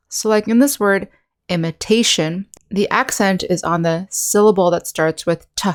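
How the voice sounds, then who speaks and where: An American woman, an English teacher, narrating an online lesson in a clear, patient way and slowly demonstrating sounds. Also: fairly low pitch.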